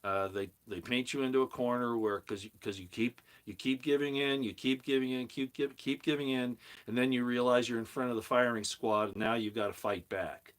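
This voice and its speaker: A man's voice: medium pitch, steady tone, fairly quick, few pauses. A middle-aged man hosting his own channel, delivering a heated, preachy monologue that leans on emphatic repetition. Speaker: commentary channel host. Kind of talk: opinionated monologue.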